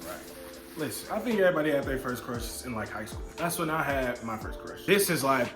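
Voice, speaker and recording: A young adult man vlogs a casual storytime while eating, speaking briskly and animatedly in a mid-range voice. He talks loosely with slang, swearing, and playful asides, in an echoey room with music behind him.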